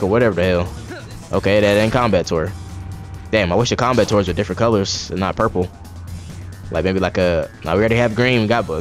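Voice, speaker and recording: A man giving casual, profane gameplay commentary, trash-talking enemies and rambling in asides with frequent restarts. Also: lowish voice. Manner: profane, reactive trash talk at the game. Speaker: gaming channel host.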